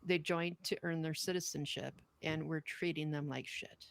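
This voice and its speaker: A woman's voice: low-pitched, steady tone, moderate pace, creaky. A woman co-hosting a podcast, reading a poem aloud and then chatting bluntly and earnestly. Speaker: podcast co-host.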